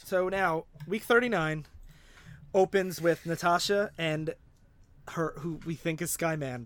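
A man's voice: a little high, measured pace, fairly bright tone. A man in casual conversation, retelling a comic plot and acting out quoted lines, laughing often. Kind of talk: casual comic-book recap chat.

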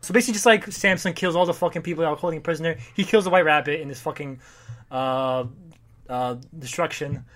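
Guy blasting through a comic recap, swears a lot, slightly high voice. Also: a bit bright. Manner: rambling, swearing, acting out characters in quick voices. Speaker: podcast co-host recapping comics. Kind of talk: casual chat.

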